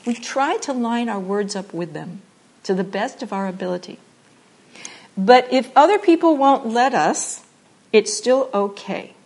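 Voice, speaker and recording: A woman giving a spiritual talk that ties meditation to acting, playful and animated, often dropping to a soft, slow voice for repeated phrases. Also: a little high. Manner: drops to soft, slow repetition when guiding meditation. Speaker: teacher.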